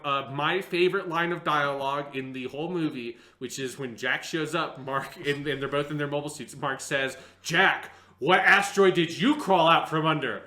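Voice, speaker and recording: A man co-hosting a casual review chat, his voice bright and forceful. He rambles and hesitates with many fillers and restarts. The room around him is echoey. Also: fairly high pitch. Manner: rambling, hesitant, lots of fillers, mocking impressions. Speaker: podcast co-host.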